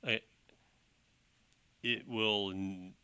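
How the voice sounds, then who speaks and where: A man narrating as game master, playful and quick to laugh. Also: on the low side, steady tone, bright, forceful tone, clean tone, no echo.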